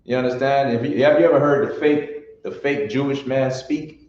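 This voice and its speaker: A man's voice: mid-range voice, steady tone, normal speed, darkish tone. A man teaching a classroom lesson on pronunciation, sounding out syllables one by one in a blunt, informal way. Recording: echoey room from far off, dull lo-fi.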